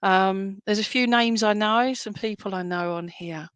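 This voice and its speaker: A woman's voice: mid-range voice, unhurried, a bit bright, clear, resonant tone, no room sound. A woman acting as a medium at a live-streamed church service, talking in an affectionate, reassuring way and often checking "all right?" with her listeners. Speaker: medium giving spirit readings.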